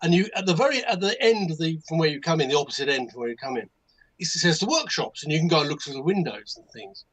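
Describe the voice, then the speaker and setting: An older man with an English accent tells a meandering story in a casual chat. His voice sits a bit high. He keeps breaking off into asides and restarting his sentences. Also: expressive, quick pace, a bit bright, breathy edge, low-quality recording. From England. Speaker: guest modelmaker. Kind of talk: casual anecdote on a livestream.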